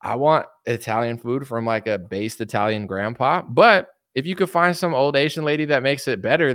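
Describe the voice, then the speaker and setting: A man's voice: medium pitch, fairly bright tone, clean tone, no room sound, studio quality. A young man hosting a livestream, talking casually and animatedly, rambling and mimicking imagined people. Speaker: streamer host.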